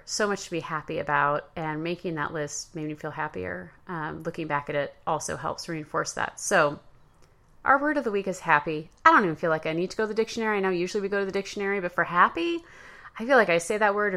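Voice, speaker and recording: A woman talks through a personal story on her podcast, loose and conversational, stopping to correct herself. Her voice is bright and clear at an ordinary pitch. She wanders into asides and comes back to the point. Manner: chatty storytelling with fillers and self-corrections. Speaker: podcast host. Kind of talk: casual solo podcast monologue.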